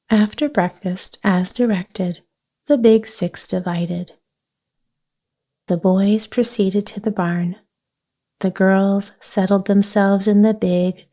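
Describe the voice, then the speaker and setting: A woman narrating a children's novel as an audiobook, in a calm, soothing, unhurried manner. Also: mid-range voice. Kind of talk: scripted narration.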